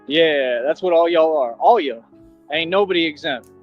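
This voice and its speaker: A man's voice: fairly high pitch, normal speed. A man in a played clip, boasting in a confrontational, slangy monologue about running the streets. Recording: dull lo-fi clip audio with music.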